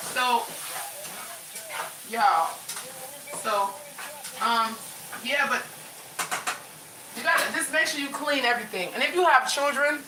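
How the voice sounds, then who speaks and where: Against a noisy background and roomy sound, a woman with a fairly high voice livestreams from her bedroom. She's a chatty vlogger with a runny nose who rambles casually, says y'all to her viewers, and keeps restarting her sentences.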